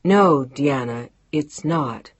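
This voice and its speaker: A woman voicing an emotional young man in love in an audiobook, speaking softly and tenderly. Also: a bass voice, animated, unhurried, breathy edge, highs cut off, heavily acted. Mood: stunned.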